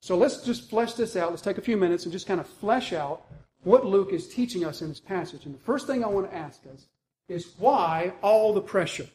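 Animated, high-voiced male preacher. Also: moderate pace, slight background noise, low-quality recording. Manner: animated, emphatic, rhetorical questions. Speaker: pastor. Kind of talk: sermon.

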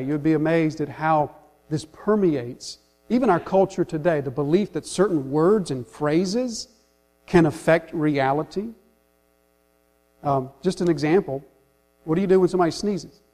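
A man preaching to a congregation, his voice sitting a little high for a man. He talks like he's telling a story to friends, chatty and informal, asking the room questions as he goes. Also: a little mellow. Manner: storytelling, conversational, addresses the congregation directly. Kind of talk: sermon.

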